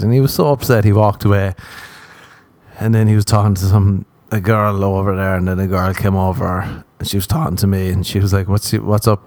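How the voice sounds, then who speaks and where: An Irish man in a podcast-style recording, telling a comic story in a low, warm, mellow voice. He acts out each exchange and laughs as he goes. The sound is close and dry. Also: a little fast, dry recording. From Ireland. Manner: animated, acts out dialogue with frequent laughter. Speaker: podcast host. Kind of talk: casual comedic storytelling.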